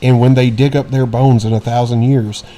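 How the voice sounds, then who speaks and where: A young man co-hosts a casual podcast, speaking bluntly and swearing freely. His voice sits at an ordinary middle pitch, and his talk is loose, joking banter. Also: flat delivery, moderate pace, warm tone. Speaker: podcast co-host.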